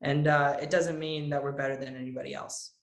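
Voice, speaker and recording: A teenage boy answering interview questions, earnest and lively, often acting out what others said to him. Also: fairly high pitch, brisk, roomy sound. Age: teens. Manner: earnest, lively, acts out quotes with a raised voice. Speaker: young actor, interview guest.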